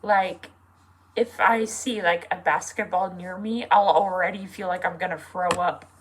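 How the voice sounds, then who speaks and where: A young adult with a feminine voice opens up in a personal vlog, speaking slowly and haltingly. The talk is earnest and full of fillers, and the emotion sometimes pushes close to tears. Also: female voice, lowish voice, fairly even intonation, a little hiss or hum, low-quality recording. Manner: emotional, near tears at times. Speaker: vlogger.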